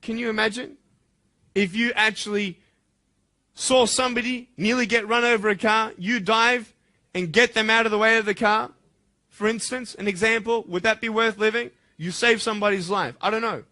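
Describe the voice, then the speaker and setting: A man giving a motivational speech to school students, impassioned and swinging from soft, intimate lines to loud, emphatic ones. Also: sits high, fairly even intonation, normal speed.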